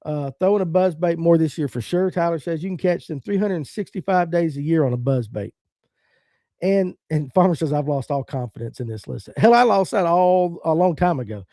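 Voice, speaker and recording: A middle-aged man from the American South talks bluntly and casually on a fishing podcast, sharing strong opinions and reading viewer comments aloud. His voice sits a bit high for a man but sounds warm and mellow. The room is dry and close, with no echo. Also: animated, normal speed. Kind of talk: casual live-stream chat.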